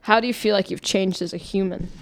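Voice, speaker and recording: A woman's voice: medium pitch, steady tone, fast talker, a little hiss or hum. A young adult woman, a university student, chatting casually and thoughtfully, steering the talk with questions. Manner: chatty, reflective, steers the conversation. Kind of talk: casual chat.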